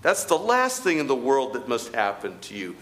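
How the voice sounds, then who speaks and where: Preacher putting on an exasperated, indignant Peter. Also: male voice, medium pitch, wildly swooping pitch, normal speed, a bit bright. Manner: exasperated, incredulous rebuking. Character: indignant apostle Peter scolding his teacher. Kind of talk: sermon.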